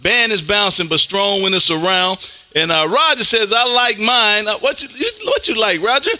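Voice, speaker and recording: A man from Texas, a ham radio operator streaming live, talking loud and energetic as he makes contacts and calls "man" after almost every phrase. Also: sits high, normal speed, no room sound. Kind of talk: on-air radio contacts and chat. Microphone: close studio mic with headphones.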